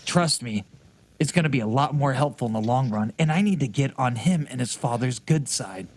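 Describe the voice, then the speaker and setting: A man's voice: mid-range voice, lively intonation, fairly quick, darkish tone. A man playing his character in a tabletop game, earnest and given to restarts. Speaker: player. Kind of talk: in-character tabletop role-play.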